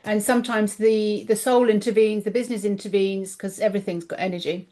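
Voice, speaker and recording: Chatty woman guest, lively storyteller. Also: mid-range voice, brisk. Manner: chatty and animated, acts out quoted voices. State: voice tiring, clears throat. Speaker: guest, intuitive coach and author. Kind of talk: casual podcast interview.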